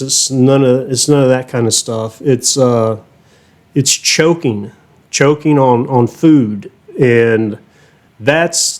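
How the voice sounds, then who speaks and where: A man's voice: mid-range voice, a little mellow. A middle-aged man with a Southern American accent, hosting his own channel and telling stories in loose, profane casual chat, laughing often as he goes. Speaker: reaction channel host.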